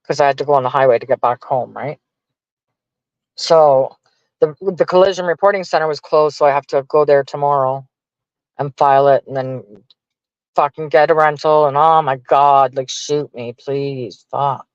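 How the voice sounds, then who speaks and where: A man's voice: fairly high pitch, steady tone, normal speed, clear, resonant tone, no room sound, dull audio. A man venting casually to his stream viewers, profane and exasperated as he rants. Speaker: livestreamer talking to chat.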